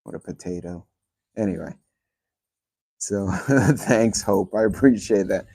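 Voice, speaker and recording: A man on a laid-back livestream, his low voice dark and mellow. He rambles along between dog commands and greetings to the chat. The sound is dry and close, with almost no room around it. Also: steady tone, unhurried, creaky, slightly rough, no echo. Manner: chatty, talks to his dogs and reads out chat names. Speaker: channel host. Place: yard of a rental house, outdoors. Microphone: phone on speaker.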